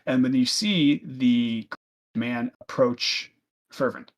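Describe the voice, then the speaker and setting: A man runs a tabletop role-playing game, narrating scenes loosely. His pitch is middle for a man. He talks in a casual way, full of ums and restarts. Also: slow pace, muffled recording. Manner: casual, loose, many fillers. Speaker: game master.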